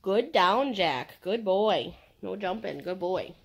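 A woman's voice: mid-range voice, lively intonation, slow, hardly any pauses, a little hiss or hum. A woman training a dog at home at night, mixing coaxing praise with firm short commands. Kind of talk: casual talk to a dog at home.

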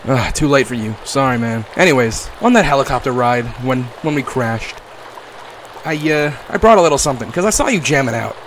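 Animated young man yelling at game companions. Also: medium pitch, fairly quick, slight background noise. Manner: playful, swings from mock-tender to yelling and swearing. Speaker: gaming YouTuber. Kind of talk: comedic gameplay commentary.

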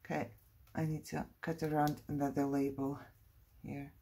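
A woman's voice: low-pitched, level tone, normal speed, creaky, dark tone, slightly rough. A middle-aged woman vlogging about her crafts, thinking aloud in a chatty, playfully dramatic way. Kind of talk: casual crafting chat.

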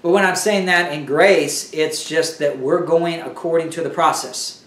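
Guy preaching bible study, kinda higher voice, roomy echo, mic a bit far off. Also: normal speed, fairly bright tone. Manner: conversational teaching with frequent restarts and fillers. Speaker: bible teacher. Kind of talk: sermon.

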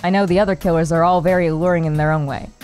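A woman's voice: lowish voice, steady tone, rapid-fire, a little mellow, soft background music, voice pushed down, natural voice. A woman voicing a shy, affectionate forest huntress from a dating game, reading the lines aloud. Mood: fond.

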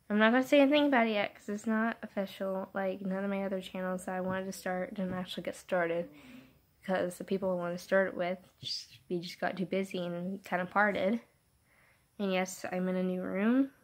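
A teenage girl vlogging to her phone camera in her bedroom, rambling and apologetic with lots of fillers, her voice hoarse from a sore throat. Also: mid-range voice. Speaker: YouTuber. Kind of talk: casual vlog chat. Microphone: phone camera held vertically.

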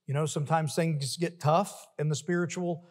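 A male pastor preaching a sermon emphatically, building to forceful refrains. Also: a little high, steady tone, normal speed, in a large hall. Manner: emphatic, rising to forceful peaks with repeated refrains. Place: church sanctuary.

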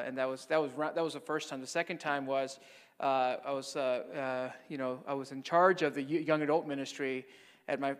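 A Catholic priest gives a mission talk, telling stories conversationally and often checking in with "right?". His voice is medium-pitched, clear and resonant, followed by a long reverb tail.

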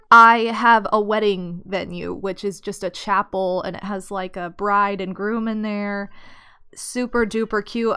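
A woman's voice: mid-range voice, clean tone. Bubbly woman chatting over gameplay. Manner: chatty and bubbly, squeals with excitement. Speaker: gaming channel host. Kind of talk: casual gameplay commentary.

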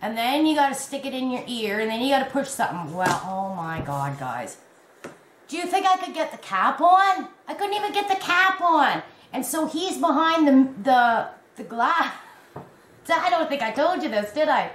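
A chatty woman vlogger tells stories to her viewers in a lively, self-mocking way. Her voice sits a little high, and the room around her is echoey with a faint hum behind. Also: moderate pace. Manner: animated storytelling, laughs at herself. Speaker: crochet vlogger. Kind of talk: casual chatty vlog.

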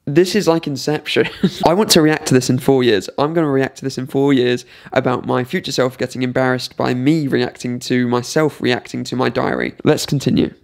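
A young man talks to camera in a casual reaction vlog, poking fun at himself and breaking into laughter. His voice sits at an ordinary pitch with a gravelly, creaky edge. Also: fairly even intonation, fairly quick. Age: young adult. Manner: self-mocking, laughs often. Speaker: vlogger.

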